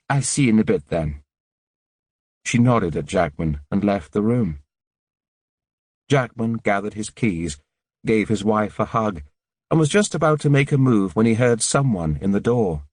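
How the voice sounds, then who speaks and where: A man narrating an audiobook in a measured, sombre reading. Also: sits low, a little mellow, dry recording, clean studio sound. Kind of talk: scripted narration.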